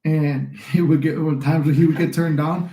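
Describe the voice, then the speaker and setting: A man's voice: a little high, little pitch movement, moderate pace, warm tone, echoey room, poor audio. A young adult man hosting a casual live stream, giving rambling, encouraging advice. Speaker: livestream host and manifesting coach.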